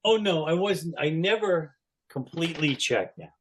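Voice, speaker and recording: A man's voice: on the high side, animated, moderate pace, a little hiss or hum. Man, sixties, podcast guest, rambling storyteller, casual fillers. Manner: rambling, lots of "you know" fillers, laughs mid-story. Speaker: guest, longtime fan.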